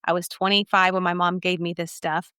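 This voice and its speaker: A woman's voice: on the low side, level tone, fairly quick, bright, forceful tone, clean tone, dry recording, studio quality. A woman from Texas, a podcast guest telling her life story in an earnest, emphatic way. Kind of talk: personal testimony storytelling.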